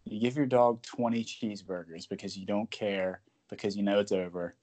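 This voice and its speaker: A man co-hosting a sports podcast, talking in a joking, animated way and sometimes dropping to a whisper. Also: fairly low pitch, moderate pace. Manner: animated, jokey, drops to a whisper at times. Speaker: podcast co-host. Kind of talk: casual sports podcast chat.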